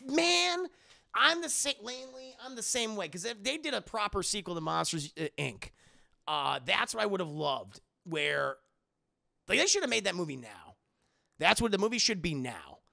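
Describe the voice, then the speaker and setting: Young male streamer, high lively voice, gravelly edges, bright and dry, rambling and profane. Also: a little fast, dry recording. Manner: rambling, profane, excitable, answers chat. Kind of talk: casual live-stream chat.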